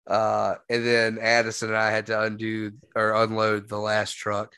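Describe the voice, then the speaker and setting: A man's voice: fairly low pitch, completely flat delivery, normal speed, bright, forceful tone, smooth, no room sound. A man hosting a podcast, telling a rambling story in casual chat. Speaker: podcast host.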